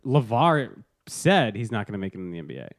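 A man with an animated, swinging voice trades jokes in a casual sports podcast. He laughs easily and keeps the talk loose. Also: fairly low pitch, brisk. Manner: joking, laughs often, lively delivery. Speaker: podcast co-host.

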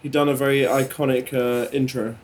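A man's voice: medium pitch, little pitch movement, fairly quick, very noisy. Enthusiastic swearing man telling a story. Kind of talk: casual chat.

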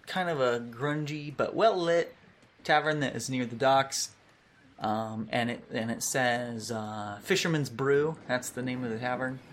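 A man narrating a tabletop game as game master, in a hesitant, filler-heavy way. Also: medium pitch.

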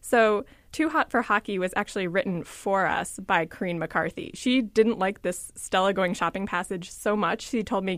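A woman presenting in a conversational way, animated and quoting others with relish. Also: medium pitch, moderate pace, hardly any pauses, dry recording, studio quality. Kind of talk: conversational storytelling.

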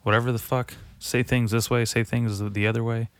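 Alone at the mic, a podcast host rambles and curses, mocking himself, sighing often, and dropping into mutters before picking up again. His mid-range voice has little pitch movement and a moderate pace, and the recording is dry.

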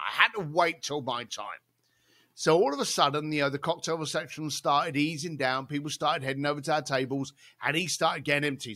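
A man, a guest on an interview show, telling a salty anecdote with lots of asides. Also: a little high. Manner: lively, salty anecdotes with frequent laughs and asides. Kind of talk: animated storytelling in a podcast interview.

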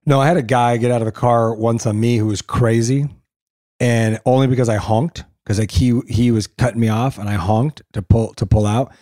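A man's voice: mid-range voice, steady tone, moderate pace, warm tone, dry recording, studio quality. A middle-aged man co-hosting a casual chat, telling stories animatedly and mimicking his family. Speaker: podcast co-host.

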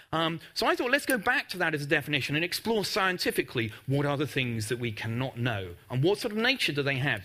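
A man's voice: on the high side, pushed and bright. A man who is a mathematics professor giving a public lecture with slides, chatty and wry, with frequent ums and uhs. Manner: wry, self-deprecating humour.

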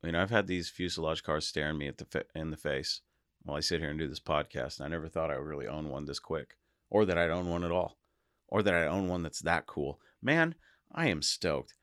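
A man hosting his own podcast, talking casually and excitedly to his listeners and often laughing. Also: rumbling low, brisk, dry recording, clean studio sound. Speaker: podcast host. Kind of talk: casual solo podcast monologue.

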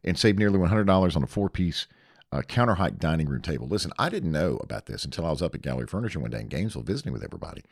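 A man's voice: low-pitched, very animated, rapid-fire, dry recording, clean studio sound. A man hosting a radio show, chatting in a folksy, joking way and reading live ads. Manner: folksy, jokey, teasing. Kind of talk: casual chat and live ad read.

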